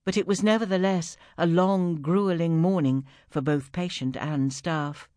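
An audiobook narrator reads a story in a steady, even manner. The recording is dry and close, with no room sound. The voice sits at a middle pitch. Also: a little slow, no room sound.

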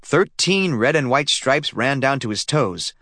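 Male audiobook narrator, animated storytelling, dry studio. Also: mid-range voice, a little slow, no room sound. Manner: lively storytelling. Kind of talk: scripted narration.

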